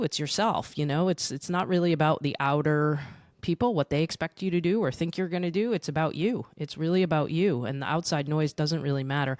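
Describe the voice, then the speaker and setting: A woman's voice: sits low, a little mellow, no echo, studio quality. Reflective woman podcast host. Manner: reflective, with many fillers and restarts. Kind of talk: interview.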